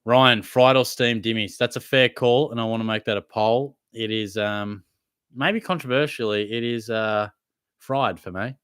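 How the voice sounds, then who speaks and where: A man's voice: medium pitch, fairly even intonation, normal speed, fairly bright tone, clean tone, no room sound, clean studio sound. A young man hosting a casual live Q&A, reading out viewers' questions and answering them in a laid-back, matey way. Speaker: livestream host answering chat questions.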